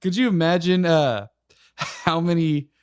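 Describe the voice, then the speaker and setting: A young man in his twenties co-hosting a casual podcast, animated, often laughing and swearing. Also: on the high side, measured pace, clear, resonant tone, no echo, studio quality. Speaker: podcast co-host and editor. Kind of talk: casual chat.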